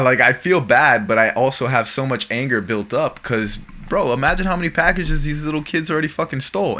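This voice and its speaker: Bright-voiced man telling a story. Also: medium pitch. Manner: animated, profane storyteller. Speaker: podcast host. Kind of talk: casual storytelling chat.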